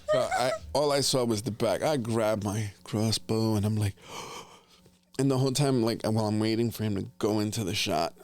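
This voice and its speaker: A middle-aged man from New Jersey hosting a casual family chat, telling hunting stories in an animated way with gasps and laughter. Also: on the low side, normal speed. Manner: animated, laughing storyteller with gasps and whispered asides. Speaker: podcast host, father.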